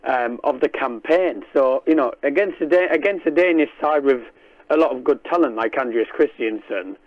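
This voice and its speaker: A man's voice: medium pitch, normal speed, no room sound. Guy phoning in, lots of ums, muffled dry line. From Middlesbrough, England. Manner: hesitant, many ums. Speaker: caller. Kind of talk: phone-in football chat.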